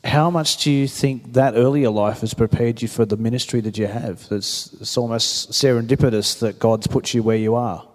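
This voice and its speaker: A man's voice: medium pitch, fairly even intonation, moderate pace, hardly any pauses, darkish tone. A male interviewer asking long, thoughtful questions, rephrasing as he goes. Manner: thoughtful, rambling, rephrases as he asks. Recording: long hall reverb.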